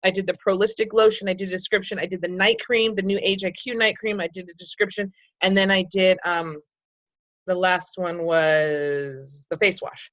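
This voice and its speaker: A woman's voice: lowish voice, fairly even intonation, normal speed, a bit bright. A middle-aged woman leading her sales team on a video call, talking candidly and rambling, with lots of restarts and ums. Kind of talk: casual motivational video call.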